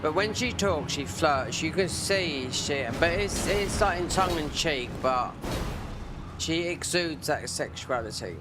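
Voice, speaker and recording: A man's voice: on the high side, expressive, unhurried, music in the background. A man chatting casually while streaming a game, rambling from one tangent to the next. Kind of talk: casual chat while gaming.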